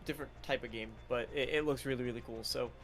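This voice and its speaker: A man's voice: medium pitch, steady tone, fast talker, faint music behind. A man chatting loosely as a guest co-host on a gaming podcast. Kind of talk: casual podcast chat.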